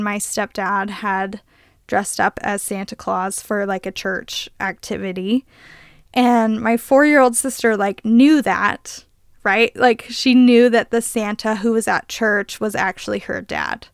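A woman in her twenties with a fairly high, steady, smooth voice speaks slowly as a podcast co-host. She's a chatty storyteller in casual conversation, using lots of "like" fillers. The recording is dry and studio quality.

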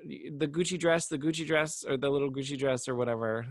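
A man's voice: mid-range voice, fast talker, no echo, studio quality. A man co-hosting a casual podcast chat, campy and playful, calling listeners honey. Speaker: podcast co-host.

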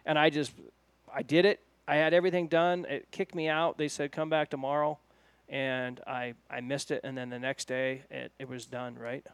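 Flat-voiced man telling a story. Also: mid-range voice, moderate pace, clear, resonant tone, no room sound. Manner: chatty storytelling, even tone. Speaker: podcast co-host. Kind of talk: casual podcast chat.

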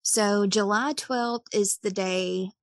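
A young woman casually recounting a case on a true crime podcast, reading quoted messages at a quick clip with chatty fillers. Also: mid-range voice, steady tone, no room sound, clean studio sound.

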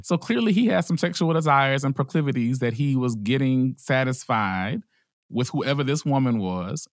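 A man co-hosting a podcast in casual chat, animated and joking, sometimes breaking into preacher-style bits. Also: medium pitch, no room sound, clean studio sound. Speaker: podcast co-host.

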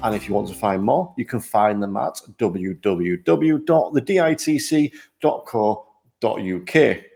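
A man hosting a podcast, upbeat and self-deprecating, with lively jumps in pitch. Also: measured pace, gravelly, faint music behind. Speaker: podcast host.

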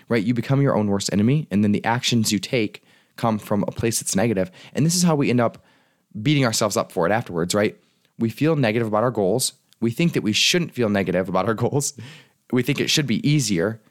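A male coach in a solo podcast monologue, speaking in a lowish voice at a quick clip. He is casual and earnest, and tosses in the occasional swear word. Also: animated. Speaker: life and business coach.

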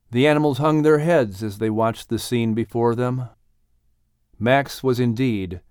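A man narrating a dramatic audiobook story on a studio mic in an expressive, unhurried way. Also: medium pitch, smooth, no echo.

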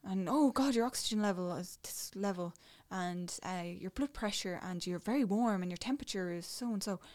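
Animated young Irish woman telling a story. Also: medium pitch, brisk. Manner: animated, swings between hushed and excited. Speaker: new mother telling her story. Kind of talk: casual personal storytelling.

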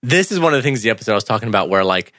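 Lively, bright-voiced man chatting casually. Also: fairly low pitch, very fast, no echo, clean studio sound. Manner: animated, laughs often, acts out characters' lines. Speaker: podcast co-host. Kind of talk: casual TV episode discussion.

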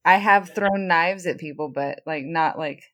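A woman co-hosting a casual podcast, lively and laughing as she tells a work story. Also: low-pitched, a little slow, dry recording, clean studio sound. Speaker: podcast co-host. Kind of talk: casual chat.

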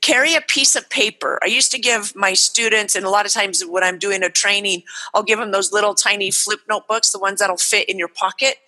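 A woman in her forties speaks with a bright, forceful voice, playing out little scenes between parent and child. She is very animated and lively. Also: medium pitch, brisk, hardly any pauses, low-quality recording. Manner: animated, acts out parent dialogue. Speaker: guest author and parenting speaker. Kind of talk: animated interview talk.

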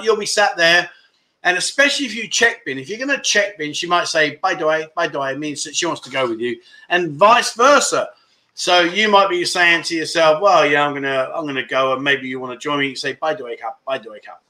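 A man's voice: a little high, bright, forceful tone. A man hosting a casual livestream, reading viewer comments aloud and teasing them with lots of laughter. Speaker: livestream host.

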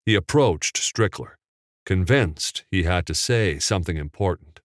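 A man narrating a novel in a measured, unhurried storytelling manner. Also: deep voice, lively intonation, no room sound, clean studio sound. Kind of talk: audiobook narration.

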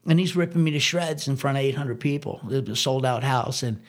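A man recounting a story from his music days in loose, rambling conversation. He's animated and profane, restarting sentences and stacking up asides as he goes. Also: mid-range voice, brisk. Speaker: drummer telling a road story. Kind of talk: casual conversation.

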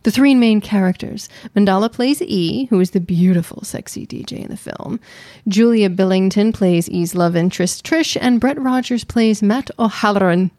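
A woman's voice: medium pitch, normal speed, hardly any pauses, mellow, dry recording, studio quality. A woman co-hosting a podcast in casual, playful chat with her wife. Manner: playful, teasing, chatty. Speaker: podcast co-host.

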